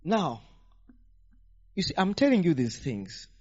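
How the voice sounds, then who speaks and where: A man preaching a teaching sermon, animated and firing rhetorical questions at the congregation. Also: fairly high pitch, a little slow. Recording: dull lo-fi sound.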